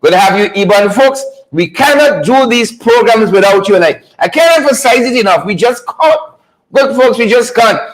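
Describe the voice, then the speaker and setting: A man hosts a live online show with a lot of energy. His voice sits high, and he keeps repeating rallying catchphrases while greeting viewers one by one. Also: animated, normal speed, poor audio.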